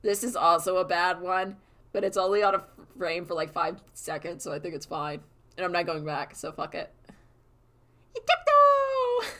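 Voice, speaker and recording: A woman's voice: lowish voice, little pitch movement, moderate pace, a bit bright. A woman chatting casually on a live stream about her animation work, giggly and swearing freely. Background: song playing faintly.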